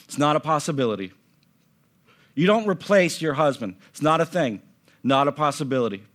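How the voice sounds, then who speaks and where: Impassioned male pastor, loud to hushed. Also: fairly high pitch, animated, a little fast. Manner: impassioned, swings from loud emphasis to hushed near-whisper. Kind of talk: sermon. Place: church stage.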